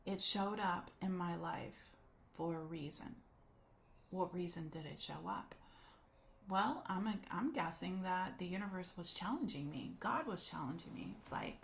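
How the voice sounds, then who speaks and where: Animated woman coach telling a story. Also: lowish voice, a little slow, vocal fry. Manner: animated retelling, acts out quoted voices. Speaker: life coach. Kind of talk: personal storytelling talk.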